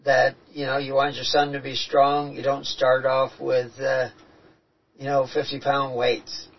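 A man with a husky, breathy timbre shares spiritual experiences in relaxed conversation. His delivery is earnest and reflective. The recording sounds dull and a little distant from the mic. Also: medium pitch, measured pace. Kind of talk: casual spiritual talk.

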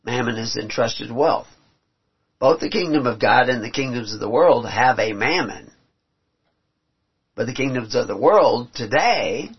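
A man's voice: mid-range voice, slightly rough. A man preaching a sermon, reading scripture aloud and explaining it in an earnest way that climbs to emphatic peaks. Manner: earnest, rising to emphatic peaks, halting restarts. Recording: dull lo-fi recording.

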